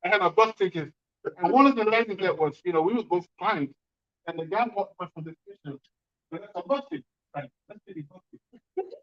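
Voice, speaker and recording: A man giving an emphatic conference talk to an audience, with sudden bursts of loudness. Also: sits high, fast talker, highs cut off. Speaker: conference speaker on fatherhood and reentry. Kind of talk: speech to an audience.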